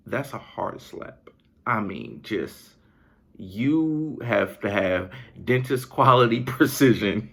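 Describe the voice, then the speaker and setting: Gravelly incredulous podcast host. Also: male voice, lowish voice, slow. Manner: incredulous, animated, laughs often. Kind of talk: comedic monologue.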